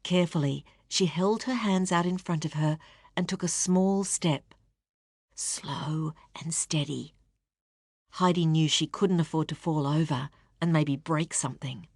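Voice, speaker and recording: A woman narrating an audiobook with a steady, expressive reading. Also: deep voice, normal speed, no echo, clean studio sound. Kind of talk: scripted narration.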